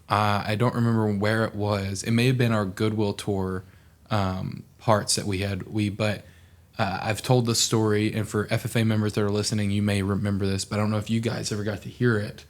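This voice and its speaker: A young man from Oklahoma, a podcast guest, telling stories in casual chat and acting out the people in them. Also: fairly low pitch. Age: young adult. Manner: animated storyteller, acts out quoted people.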